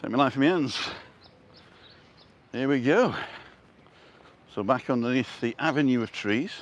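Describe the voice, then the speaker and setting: A man's voice: medium pitch, lively intonation, measured pace, lo-fi sound. An older man live-streaming on a street walk, chatting casually and answering viewers' comments as he goes. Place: outdoors on a street.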